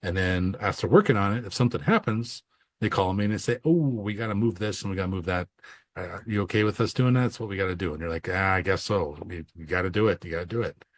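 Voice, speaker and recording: A man with a low voice co-hosts a casual podcast for accountants. He talks in a loose, conversational way and acts out both sides of client conversations as he tells stories. The sound is dry and close. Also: quick pace, no room sound. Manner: animated storyteller who acts out dialogue. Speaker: podcast co-host and accounting coach.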